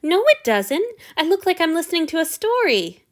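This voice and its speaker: A woman voicing an eager, sweet young male attendant who gushes in an excited, breathless way. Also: extremely high pitch, moderate pace, voice pushed up. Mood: insistent.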